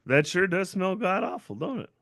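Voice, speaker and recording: Brief: male host, bright forceful voice, dry close sound, profane animated storyteller. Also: high-pitched, normal speed, dry recording. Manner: blunt, profane and animated, acting out the voices of other people. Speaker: channel owner and host. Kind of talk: casual livestream storytelling.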